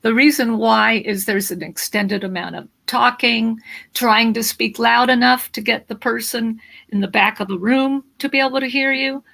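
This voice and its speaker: A woman voice coach speaking in a live video interview, animated and instructive, with a slight morning frog in her throat. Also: a little high, normal speed, gravelly, low-quality recording.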